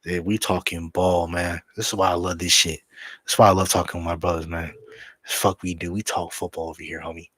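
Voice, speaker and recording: A man hosting a live draft watch party, talking football in a profane, excitable, slangy way and repeating himself. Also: low-pitched, brisk, husky, no room sound. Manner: drops into a hushed whisper to save his voice. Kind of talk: excited live-stream sports chat.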